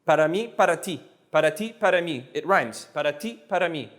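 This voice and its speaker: A man teaching a casual one-on-one language lesson, patiently repeating phrases slowly so they sink in. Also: a little high, expressive. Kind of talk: casual tutoring session.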